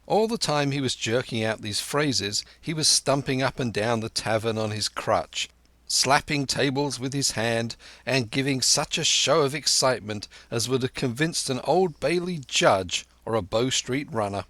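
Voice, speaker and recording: A man's voice: medium pitch, normal speed, fairly bright tone, no echo. A man narrating an audiobook in a first-person storytelling voice.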